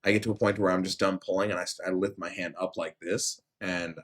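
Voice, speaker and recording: A man telling a story in casual chat, animated and swearing freely. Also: quick pace. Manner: animated, swearing, jumps into high voices quoting people. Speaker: podcast host.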